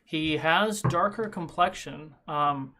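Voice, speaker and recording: A man's voice: fairly high pitch, slow, sharp tone, a little hiss or hum. A man narrating a tabletop game as game master, rambling with many fillers and restarts.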